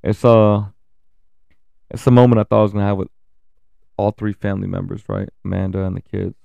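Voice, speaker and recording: A man in his thirties talking candidly about his family and kids, swearing often and pausing with fillers. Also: fairly low pitch, little pitch movement, gravelly, mellow, no echo, highs cut off. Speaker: father sharing family updates. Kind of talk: casual personal talk to camera.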